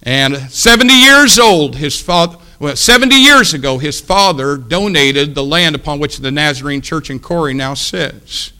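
A middle-aged male preacher telling a story in a sermon, animated and breaking into loud shouts. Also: a little high, normal speed, few pauses, clear, resonant tone.

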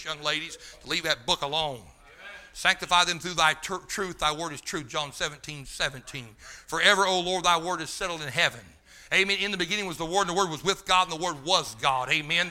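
Fervent preacher man with a tense, bright voice. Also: on the high side. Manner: fervent, folksy, rising to shouts; loses his place, talks to the room. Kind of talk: sermon.

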